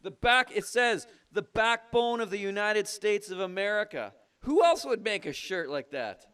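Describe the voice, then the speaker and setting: Loud bragging call-in host guy, high clean voice, picks fights with callers. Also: expressive, clean tone. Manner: bombastic, blustering, quick to argue. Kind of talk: comedic call-in show, playing a patriotic American trucker.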